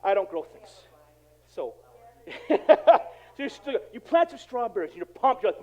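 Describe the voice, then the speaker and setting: A man with a strikingly high, lively voice preaches to his congregation, moving from hushed, close remarks to loud, punchy emphasis. His voice comes through a dull, lo-fi recording. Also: moderate pace. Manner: animated, conversational preaching with dramatic swings in volume. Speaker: pastor. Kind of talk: sermon.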